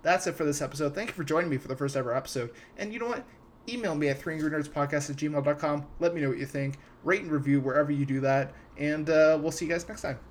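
Over slight background noise, a young male podcast host with a slightly high voice rants about a film in a relaxed, quick-paced way. His delivery is animated and full of swearing, with frequent stumbles and restarts.

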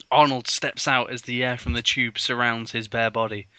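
A man reading a badly written story aloud for comedy, mocking its spelling and bursting into loud, over-the-top dramatic lines. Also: medium pitch, little pitch movement, moderate pace, smooth, no room sound. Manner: bursts into loud exaggerated outbursts, mocks spelling. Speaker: comedy reader of fan fiction. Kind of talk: mock dramatic reading with commentary.

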